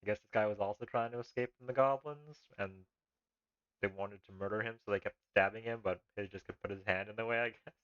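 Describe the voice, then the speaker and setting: A man's voice: on the low side, fairly even intonation, fast, fairly bright tone, clean tone, dry recording, lo-fi sound. A man streaming a text adventure live, reading the game's text aloud and making rambling, laughing asides.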